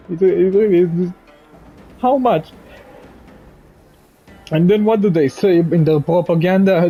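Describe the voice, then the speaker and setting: A young man from Israel talks to camera while crying, his voice high and husky as he stops and repeats himself. The recording is dull and lo-fi, with faint music underneath. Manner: halting, repeating words, frequent "man". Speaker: vlogger. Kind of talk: emotional direct-to-camera monologue.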